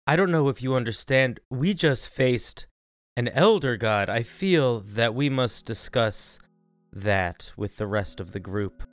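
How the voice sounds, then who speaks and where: A man playing a tabletop game, speaking in a formal, measured way. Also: mid-range voice, expressive. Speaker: player. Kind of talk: tabletop role-play.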